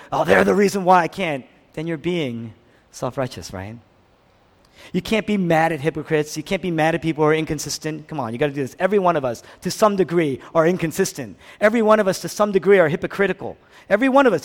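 A man with a high, light voice delivers a sermon, pressing points home through repetition and swinging from near-whispers to ringing emphasis. His words trail off into the long reverb of a large hall. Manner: emphatic, swings between hushed and loud, repeats phrases. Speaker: pastor.

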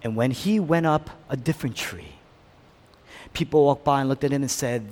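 A man preaching a sermon as pastor, swinging between loud, emphatic build-ups and hushed near-whispers, with repeated questions to the congregation. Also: mid-range voice, moderate pace.

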